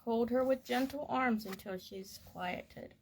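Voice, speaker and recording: A woman reading a parenting course book aloud in a gentle, measured and soothing way. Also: on the high side, a little hiss or hum. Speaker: reader of a parenting course text.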